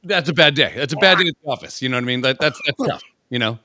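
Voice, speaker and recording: A man co-hosting a podcast in casual chat, animated and crude, rambling with lots of swearing. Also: medium pitch, racing, no echo, studio quality. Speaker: podcast co-host.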